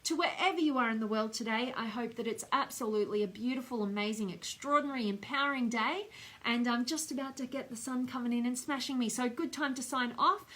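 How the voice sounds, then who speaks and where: Bright, high-voiced Australian woman host. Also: fairly quick. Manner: effusive, gushing with affection. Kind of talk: live-stream sign-off reading viewer comments.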